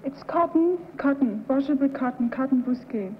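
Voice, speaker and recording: A woman's voice: high voice, expressive, normal speed, a little hiss or hum. A woman contestant on a game show, giving short, plain answers. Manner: curt, plain. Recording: dull 1960s TV recording in a reverberant studio.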